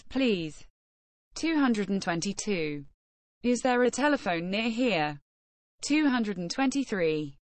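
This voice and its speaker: Female lesson reader: very slow, precise enunciation, dry close recording. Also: mid-range voice, no room sound. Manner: measured, carefully enunciated phrase-by-phrase reading. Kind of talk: reading numbered practice phrases.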